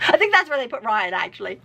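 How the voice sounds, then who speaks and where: A woman's voice: fairly high pitch, gravelly, pushed and bright. A middle-aged American woman telling family stories casually, laughing often and restarting her sentences. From United States. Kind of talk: casual storytelling.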